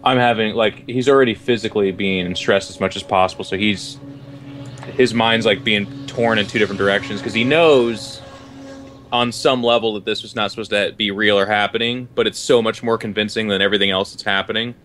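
A man playing a tabletop game, describing his character in halting, stammering bursts with swearing. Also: fairly low pitch, fairly even intonation, a bit bright, slight background noise. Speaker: player.

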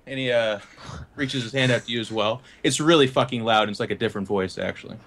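A man's voice: mid-range voice, fast talker, fairly bright tone, slight background noise. A man narrating as game master, rambling casually with lots of fillers. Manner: rambling, full of fillers and laughs.

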